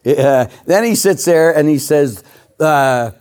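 Priest, 50s or older, animated preacher who laughs at himself, lively swooping delivery. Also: male voice, a little high, takes it slowly, clear, resonant tone. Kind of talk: sermon.

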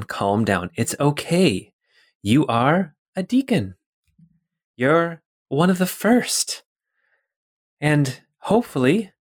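A man's voice: medium pitch, no echo, clean studio sound. A man voicing an intense, eager fox-eared woman scientist in a tabletop game. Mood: soothing. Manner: eager then suspicious, insistent questioning. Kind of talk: tabletop role-play voicing.

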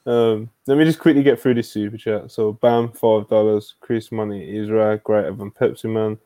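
A man's voice: on the low side, steady tone, moderate pace, warm tone, no room sound. A man hosting a casual wrestling podcast, talking loosely with lots of filler words and reading out viewer messages over a video call. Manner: laid-back, trailing filler words, reads out super chats. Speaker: podcast host.

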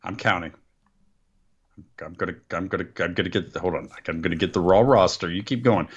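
A man's voice: low-pitched, a little fast, slightly rough. A man co-hosting a casual wrestling podcast, making dry joking asides. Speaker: podcast co-host. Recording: dull lo-fi sound.

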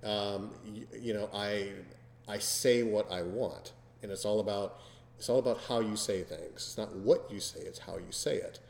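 A man with a low voice, chatting casually as a podcast host. He talks slowly and deliberately, with lots of ums and restarts. He sounds like he is in a roomy space with a long, ringing reverb. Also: gravelly, darkish tone. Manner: slow, deliberate, many fillers. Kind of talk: casual chat. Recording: echoey room with long reverb.

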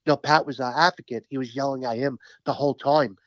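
A man speaking as a union representative, telling stories in an animated, emphatic, profane way during a casual interview. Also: medium pitch, fast, no echo, muffled recording.

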